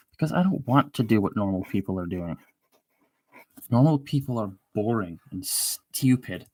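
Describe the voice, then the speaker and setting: A man's voice: on the low side, animated, normal speed, a little mellow, no room sound. A man hosting a live show, rambling with sardonic asides while he draws. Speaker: show host. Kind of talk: rambling live-stream commentary while drawing.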